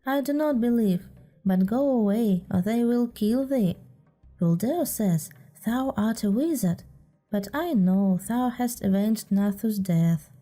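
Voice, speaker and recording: A woman's voice: mid-range voice, lively intonation, takes it slowly, warm tone, faint music behind. A woman reading aloud voices a frightened mother crying out and pleading with her son.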